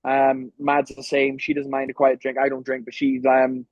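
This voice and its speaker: A man's voice: mid-range voice, monotone, normal speed, darkish tone, no echo, muffled recording. A Welsh man from Wales, a professional fighter telling rambling stories full of ums in a casual interview. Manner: rambling anecdotes with frequent ums.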